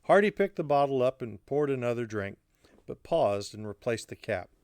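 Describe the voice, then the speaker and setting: Brief: male audiobook narrator, mid pitch, measured delivery with hushed low drops, dry close sound. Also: lively intonation, smooth, no room sound. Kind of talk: scripted narration.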